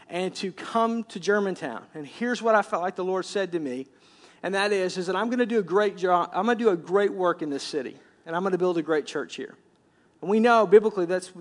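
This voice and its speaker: A middle-aged man gives a sermon as a church's senior pastor. His voice sits high for a man. He talks in a loose, conversational way, often doubling his words as he quotes scripture. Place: church sanctuary.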